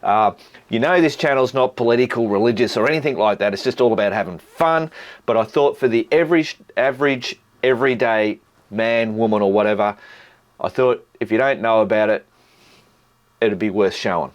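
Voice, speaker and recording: A man's voice: on the low side, fairly quick. A middle-aged Australian man hosting a motorcycle vlog, chatting in a blokey way with plenty of swearing, ums and uhs. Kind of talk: casual vlog chat.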